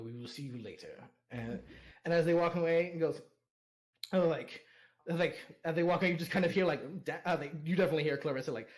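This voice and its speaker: A man narrating his moves and speaking in character during a tabletop role-play, full of fillers and laughs. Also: on the high side. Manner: halting, filler-heavy, laughs often.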